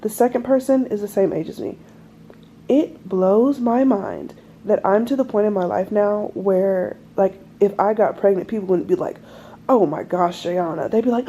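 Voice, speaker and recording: A young woman in her twenties rambles through a casual vlog story, full of fillers and animated asides. Her voice is mellow and warm, sitting at an ordinary pitch. A faint hiss stays under her voice the whole time. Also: moderate pace. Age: 20s. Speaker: vlogger. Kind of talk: casual chat.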